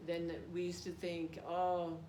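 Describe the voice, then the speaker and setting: This older woman, Australian-accented and a devotee, tells a story in an easygoing interview, full of laughs and self-deprecating jokes. Her voice is on the low side, steady in tone, and moderately paced. The space sounds roomy and there's background noise.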